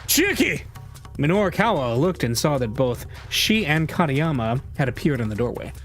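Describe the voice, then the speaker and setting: A man reading a story game's text aloud in an even narrating voice. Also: medium pitch, moderate pace, soft background music. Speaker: let's-play narrator.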